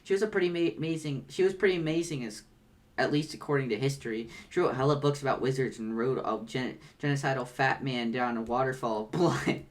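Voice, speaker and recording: Woman reading excitable teen girl, gushing, slangy, low voice. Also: brisk. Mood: wistful. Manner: gushing, stammering, internet slang. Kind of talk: reading comic dialogue aloud.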